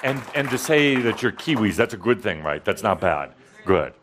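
A man with a fairly low voice hosts a live gathering, chatting loosely with his co-host. He rambles in a relaxed way, dotted with "uh"s, and a faint murmur of the audience sits behind him. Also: normal speed, a crowd in the background, noisy background. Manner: chatty and relaxed, with many "uh" fillers. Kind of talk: casual chat with a co-host before a live audience. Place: gathering room with an audience present.

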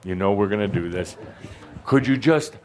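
A man's voice: fairly low pitch, expressive, moderate pace, a little mellow, slight background noise. A man speaking as a channeled spiritual teacher, coaching an audience member in front of a live crowd in a hall, playful and provoking, with frequent stammered restarts, on a handheld microphone. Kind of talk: interactive workshop coaching.

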